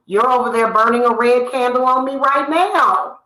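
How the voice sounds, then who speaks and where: A woman from the United States, a spiritual reader who hosts a channel, rants into the camera, scolding the people she calls out by name. Her voice is bright, a bit sharp, and fairly high, with a moderate pace. It rings in a reverberant, echoey room.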